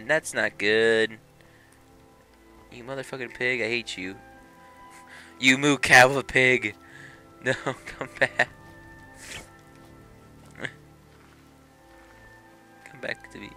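A man doing let's play commentary, excitable, swearing and laughing at the game. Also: medium pitch, slow pace, pauses often, soft background music. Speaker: gaming channel host.

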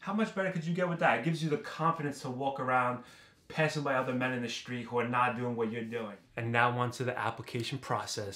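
A man's voice: medium pitch, a bit bright. A young man from New York City casually reviewing a product, brash and joking as he talks straight to his viewers. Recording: roomy echo.

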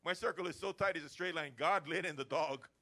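A man preaches with a bright, forceful ring, his voice sitting a touch high for a man. He keeps the sermon energetic, slipping into everyday chats to make his points. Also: a little fast. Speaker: pastor. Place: church service.

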